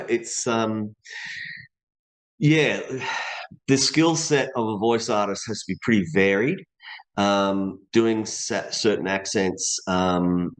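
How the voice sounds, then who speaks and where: An Australian man, a voice actor being interviewed, talking in a loose, rambling way and laughing easily. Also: deep voice. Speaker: voice actor guest. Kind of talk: casual interview chat.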